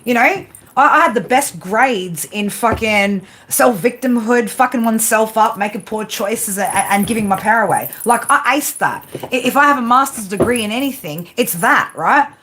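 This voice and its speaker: A tarot card reader speaks at a normal speed with few pauses, her voice on the high side and a bit bright, with slight background noise. In her live readings she rambles bluntly, offers tough love with lots of swearing, and constantly tacks on "right?"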